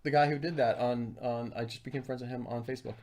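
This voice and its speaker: A man in his young adult years chatting casually on a live food review stream. He rambles through his stories, full of fillers and self-deprecating asides, in a voice of ordinary middle pitch. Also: fairly even intonation, fast talker, darkish tone. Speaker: co-host of a food review livestream.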